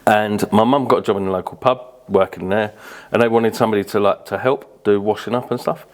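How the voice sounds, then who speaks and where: Fast-talking low-voiced British man. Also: fairly even intonation. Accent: British English. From Birmingham, England. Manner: rambling anecdotes, frequent fillers and casual swearing. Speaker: podcast guest. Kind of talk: casual interview storytelling.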